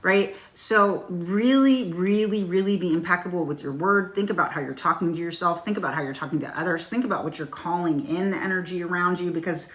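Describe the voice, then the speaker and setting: Woman, middle-aged, tarot reader, live-stream chat, blunt and casual, swears, lowish voice. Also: fairly quick, few pauses. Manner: frank, casual, swears freely. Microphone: phone.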